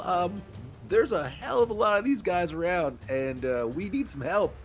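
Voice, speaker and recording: A man's voice: high voice, animated, normal speed, faint music behind. A man playing a tabletop game in character, talking tough with a wry edge. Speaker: player.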